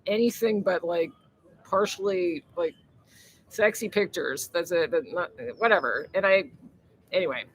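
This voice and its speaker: A woman's voice: lowish voice, measured pace, husky, poor audio. A woman hosting a casual live stream, rambling and chatty, laughing often and swearing freely as she reads viewer comments.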